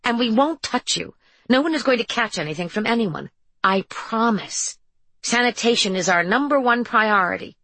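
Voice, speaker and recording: A woman reading an audiobook, voicing an eager, persuasive masked teenage girl in a raised, high voice. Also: expressive, moderate pace, sharp tone, no room sound, exaggerated voice. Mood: eager persuading. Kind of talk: audiobook character voice.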